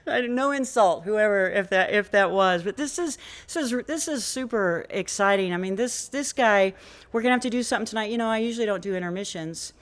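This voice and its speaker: A woman hosting a small indoor music cafe, talking into a stage microphone. She introduces the evening in a loose, rambling way, with frequent laughter. Her voice sits slightly high. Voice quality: chatty, rambling, laughing often. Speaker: venue host introducing a performer.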